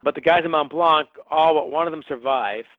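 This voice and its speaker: On a phone-like line with no echo, a man who is the author guest answers interview questions fairly quickly in a voice on the high side. He tells history with a wry, storytelling touch.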